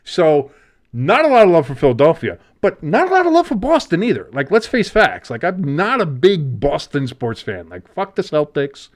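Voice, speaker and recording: A man's voice: a little high, huge pitch swings, normal speed. A man co-hosting a casual sports podcast, rambling and swearing freely with lots of fillers. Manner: profane, rambling, heavy fillers. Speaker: podcast co-host.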